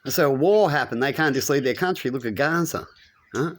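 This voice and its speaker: Rambling preachy man. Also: brisk. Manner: animated, preachy, rises in pitch when making points. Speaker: spiritual commentator. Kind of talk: rambling spiritual monologue.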